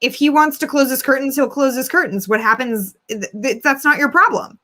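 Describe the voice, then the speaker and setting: Woman, high voice, bright tone, blunt comedic advice, casual swearing, video call. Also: a little fast. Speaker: advice show host.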